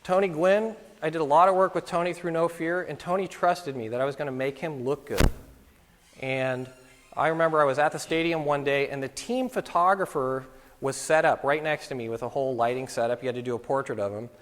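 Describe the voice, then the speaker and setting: A man's voice: on the high side, fairly quick. A middle-aged man giving a casual talk to photography students, telling anecdotes and acting out what people said. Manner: storytelling, acts out quoted voices. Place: lecture hall at a photography school. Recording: long reverb of a hall.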